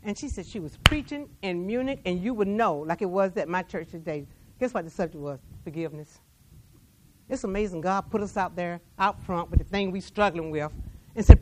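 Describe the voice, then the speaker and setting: A woman preaching a sermon, telling stories that swing between a soft hush and raised emphasis, with repeated words along the way. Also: on the low side, a little fast. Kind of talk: sermon storytelling.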